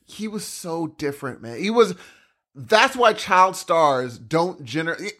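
A young man on co-host duty, chatting casually, animated and excitable. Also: fairly high pitch, slow pace. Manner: animated, excitable, says "dude" a lot. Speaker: podcast co-host. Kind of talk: casual chat.

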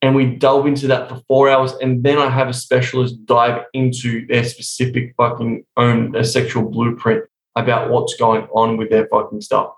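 A young adult man speaking as a coach in a casual podcast interview, swearing constantly as he tells animated stories. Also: medium pitch, moderate pace, vocal fry. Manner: profane, animated storytelling. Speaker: sex and intimacy coach, guest. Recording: roomy echo.

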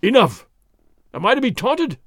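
A man's voice: high-pitched, sing-song, moderate pace, no echo, studio quality. A man doing a blustering big sergeant. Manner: blustering, stammering. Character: big blustering army sergeant, hot-tempered.

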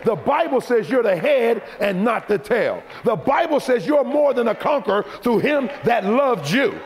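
Gravelly preacher man, swoopy shouty sermon, long hall echo. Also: extremely high pitch, sing-song, normal speed, slight background noise. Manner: rising to shouted, rhythmic preaching.

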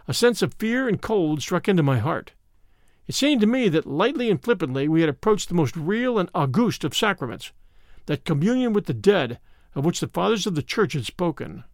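Man narrating a story, high and lively. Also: dry recording, clean studio sound. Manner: measured storytelling, voices several characters. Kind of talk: scripted audiobook narration.

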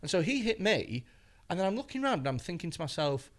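Lively comic, bright voice and swinging pitch, sweary storyteller, acts out the parts. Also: male voice, quick pace. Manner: animated, expletive-laden, acts out voices. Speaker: comedian guest. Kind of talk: anecdotal storytelling on a podcast.

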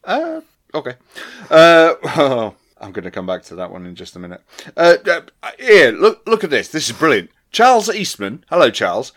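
A man's voice: a little high, huge pitch swings, moderate pace, a bit bright. Man reading listener comments with a laugh. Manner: laughs often, stumbling restarts, casual swearing. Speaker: podcast co-host.

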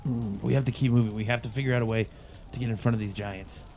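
A man's voice: mid-range voice, fairly even intonation, fast talker, gravelly, a little mellow, a little hiss or hum, lightly acted. A man playing a blunt, hard-edged male fighter in a tabletop game, giving orders and threats. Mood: urging.

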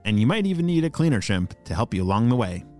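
A man narrating a children's story, animated and talking directly to young listeners with questions. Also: mid-range voice, fast talker, faint music behind.

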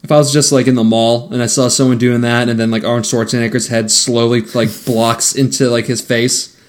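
A man co-hosting a casual podcast, recapping movie scenes with deadpan quips. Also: mid-range voice, brisk. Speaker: podcast co-host.

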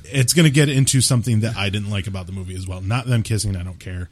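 A man's voice: lowish voice, fast talker, no room sound. A man co-hosting a casual film discussion, stepping in to explain details. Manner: explanatory, clarifies points. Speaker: podcast co-host.

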